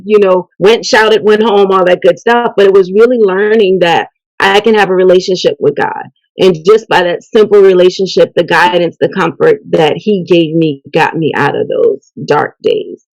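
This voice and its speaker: A middle-aged woman with a mid-range voice speaks at a moderate pace in a dry, rough recording. As an event host and youth mentor interviewed on local TV, she talks earnestly and animatedly about her work and faith.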